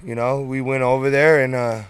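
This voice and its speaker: A man's voice: mid-range voice, fairly even intonation, a little fast, smooth, no echo. Laid-back profane man, dry sound. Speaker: interview guest, skateboarder. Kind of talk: casual storytelling interview.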